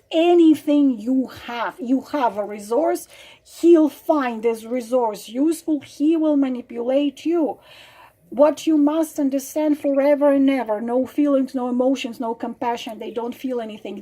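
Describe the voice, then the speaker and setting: Slow, high-voiced woman giving earnest warnings. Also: warm tone. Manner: earnest, halting, many fillers and restarts. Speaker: relationship advice video host. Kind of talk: casual advice monologue to camera.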